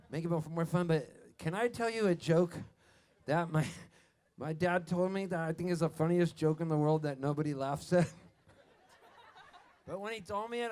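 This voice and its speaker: A man from Canada, a singer-songwriter, chatting and telling a rambling joke to a live festival crowd, laughing at his own punchlines. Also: high-pitched. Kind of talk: on-stage banter and storytelling. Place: outdoor festival stage. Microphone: stage vocal mic on the soundboard. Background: a band softly playing.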